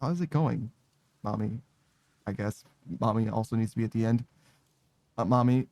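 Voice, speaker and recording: A male streamer chatting casually on a live stream, rambling through shout-outs and often laughing and swearing. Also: fairly low pitch, normal speed, no echo. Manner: keeps tacking a running joke word onto sentences, laughs and swears often.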